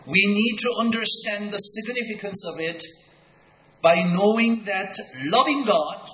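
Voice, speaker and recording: A man preaching a sermon in a deliberate, emphatic way, repeating key words for weight. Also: high-pitched, bright, forceful tone. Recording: echoey hall with long reverb.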